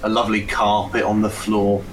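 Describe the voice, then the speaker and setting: A man's voice: on the low side, monotone, moderate pace, a little hiss or hum. A man narrating a tabletop game as game master, rambling and self-correcting with many fillers.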